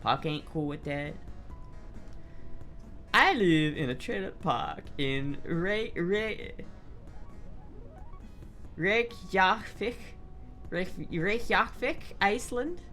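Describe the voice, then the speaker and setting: A young man livestreaming, chatting casually and reading chat aloud in a loose, profane, animated way. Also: on the high side, takes it slowly, pauses often. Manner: loose, profane, animated, with frequent restarts and laughs. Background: faint background music.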